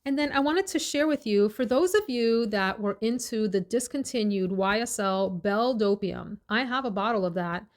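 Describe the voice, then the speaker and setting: A woman's voice: mid-range voice, darkish tone. A woman chatting casually in a fragrance review vlog, enthusiastic and talkative, dwelling on each scent note. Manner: chatty, enthusiastic, lists scent notes slowly.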